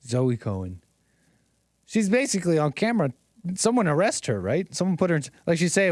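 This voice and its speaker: A man's voice: fairly high pitch, sing-song, brisk, a little mellow, no room sound, studio quality. A man hosting a stream, giving sarcastic, rambling commentary on news clips. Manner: mocking, rambling, incredulous.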